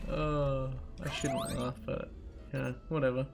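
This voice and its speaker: A man's voice: mid-range voice, level tone, takes it slowly, vocal fry, music in the background. A young man giving casual, rambling, joking commentary over a video game playthrough. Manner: rambling, joking, self-interrupting. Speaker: gaming channel host. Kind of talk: casual let's play commentary.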